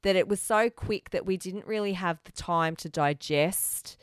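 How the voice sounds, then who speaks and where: A woman co-hosting a podcast in casual chat, talking fast and loose, laughing often and restarting words. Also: fairly low pitch, smooth, no room sound, clean studio sound. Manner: chatty, laughs often, restarts mid-word. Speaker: podcast co-host.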